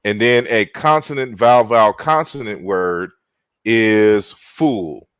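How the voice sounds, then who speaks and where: A man giving an online lecture and walking through slides, talking in an unhurried way with many fillers and restarts. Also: lowish voice, expressive, smooth, dry recording. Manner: unhurried, frequent "you know" fillers and restarts.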